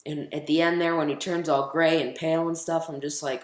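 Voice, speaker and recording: A man's voice: a little high, little pitch movement, fairly quick. A teenage boy vlogging casually, rambling and chatty, full of ums as he counts down his favorite movies. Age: teens. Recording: echoey room.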